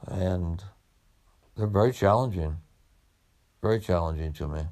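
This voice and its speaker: A man's voice: low-pitched, vocal fry, darkish tone. A man who was once a police officer tells his own story about studying for medical school, in a reflective, conversational way. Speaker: former police officer turned medical student. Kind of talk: personal storytelling.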